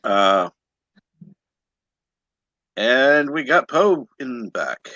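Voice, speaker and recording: A man hosting a morning livestream, his voice bright and lively, rising and falling a lot as he jokes. The sound is dull and dry, like a lo-fi mic close up. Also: medium pitch, extremely slow, no echo. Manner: joking, irreverent. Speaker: host. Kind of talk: casual livestream chat.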